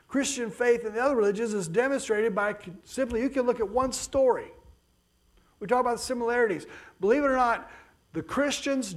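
Preaching with force, this man alternates between quiet, low passages and sudden loud surges.

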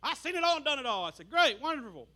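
A man preaching a sermon, telling stories with animated bursts of shouting. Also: extremely high pitch, fast.

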